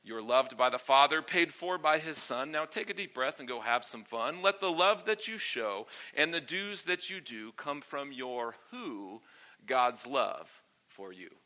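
A man preaching a sermon to a congregation, then reading his own rhyming poem aloud in an animated, sing-song way. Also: mid-range voice, measured pace.

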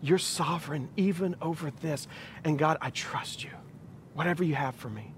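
A male pastor delivers a sermon, building each point through repeated rhetorical phrases. His voice sits slightly high, and his emphasis comes from the steady repetition. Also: normal speed, slight background noise.

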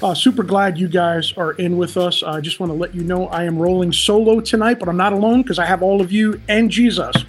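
A man's voice: high voice, fairly even intonation, a little fast, few pauses. A man speaking as a pastor on a livestream, upbeat and talking straight to viewers in the chat. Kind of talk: livestream Bible teaching.

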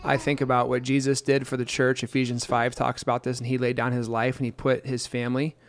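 A man's voice: mid-range voice, monotone, fairly quick, no room sound. Earnest storytelling man, dry sound. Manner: earnest, self-deprecating storyteller with playful quoted voices. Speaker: pastor and co-host. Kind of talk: casual chat on scripture.

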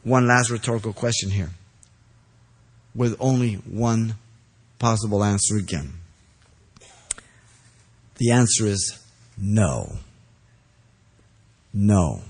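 A man preaching an expository sermon, stressing key phrases loudly and then dropping low, pausing to ask listeners if they are following. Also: animated, breathy edge. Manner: asks the congregation checking questions.

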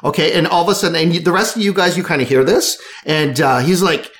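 A man's voice: a little high, quick pace, a bit bright. A man narrating as game master, rambling with many fillers.

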